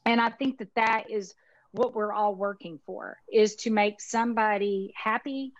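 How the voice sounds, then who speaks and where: A woman's voice: medium pitch, steady tone, a little slow, dry recording, highs cut off. A woman in her fifties with a Texas accent, talking in a folksy, emphatic, chatty way as a guest in a casual interview. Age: 50s. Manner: folksy, chatty, emphatic, uses Southern expressions. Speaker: insurance marketing organization owner, guest.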